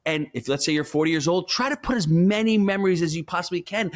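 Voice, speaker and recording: A man's voice: sits high, fast. A man talking as a money coach in a podcast interview, telling stories and giving advice in an emphatic, coaching way. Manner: animated storyteller, emphatic and coaching. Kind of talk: conversational interview.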